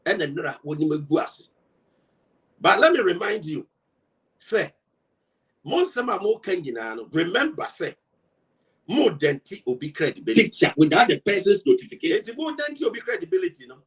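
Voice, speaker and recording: Fired-up Ghanaian man, high and lively. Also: normal speed, recorded from a distance. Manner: emphatic, mixes Twi and English, rhetorical questions. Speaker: political party member. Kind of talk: heated political rebuttal.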